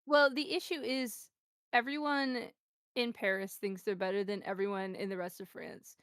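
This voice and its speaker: An American woman hosting a casual chat, playful and quick to react with surprise. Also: mid-range voice, flat delivery, a bit bright. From United States. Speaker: host.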